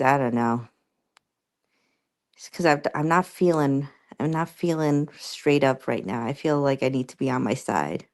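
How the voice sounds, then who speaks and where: A young woman streamer chatting casually with her viewers, rambling and halting with many fillers and restarts. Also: sits low, a little mellow.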